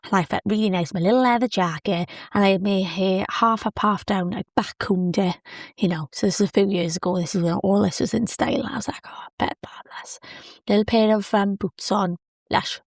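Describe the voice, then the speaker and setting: A woman hosting a solo podcast, telling a dating story in a chatty, animated, self-deprecating way with lots of quoted asides. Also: medium pitch, a little fast, no room sound, studio quality. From Wales. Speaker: podcast host.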